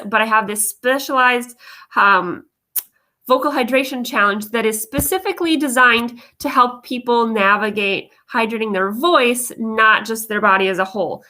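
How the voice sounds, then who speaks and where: A bright, fairly high woman's voice leads a live vocal-tips lesson as a coach. She is upbeat and chatty and keeps checking in with her viewers as she talks. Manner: upbeat, chatty, addresses viewers directly with frequent check-ins.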